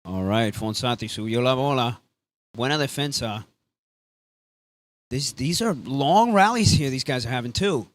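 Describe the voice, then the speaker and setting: A man calling a beach tennis match live, casual and excitable, dropping Spanish phrases into his play-by-play. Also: medium pitch, normal speed, pauses often. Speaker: sports commentator.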